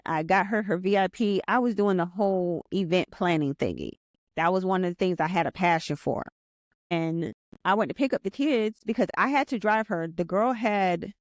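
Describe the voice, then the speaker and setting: A woman in her forties tells her own story as a podcast guest, earnest and animated, circling back with repeated phrases and restarts. Her voice sits at a middling pitch and comes across close and dry, with no room around it. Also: no echo. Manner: earnest and animated, reliving events aloud; often repeats herself and restarts sentences. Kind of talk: personal storytelling in conversation.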